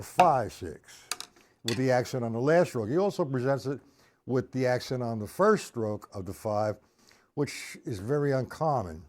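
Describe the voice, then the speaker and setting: A man's voice: mid-range voice, a little mellow. A man teaching drum rudiments on a live stream, counting beats aloud and chatting with viewers in the chat.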